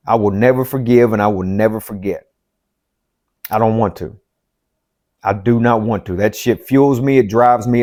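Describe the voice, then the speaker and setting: A man's voice: on the low side, moderate pace, long pauses, darkish tone. A man, a life coach, gives a motivational self-help talk, blunt and profane and driving each point home by repeating it.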